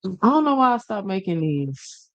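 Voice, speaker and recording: A woman co-hosting a casual boxing chat, relaxed and swearing freely. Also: mid-range voice, moderate pace.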